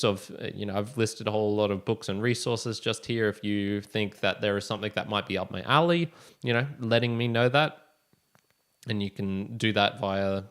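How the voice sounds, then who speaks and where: A man's voice: lowish voice, fairly bright tone, smooth. A young man hosting a solo podcast, talking casually and rambling with frequent restarts and chuckles. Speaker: podcast host.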